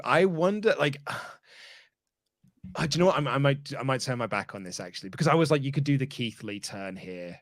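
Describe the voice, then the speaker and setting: A man's voice: lowish voice, fairly bright tone, no room sound, studio quality. A man guesting on a casual podcast, chatty and teasing, often restarting his sentences mid-thought. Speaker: guest pundit.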